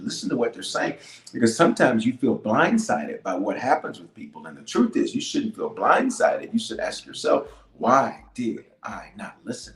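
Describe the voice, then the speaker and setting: A man's voice: fairly low pitch, echoey room, poor audio. A man, a bishop, giving an emphatic preaching-style talk on leadership, repeating key lines and dropping to near-whispers for effect. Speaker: bishop and pastor.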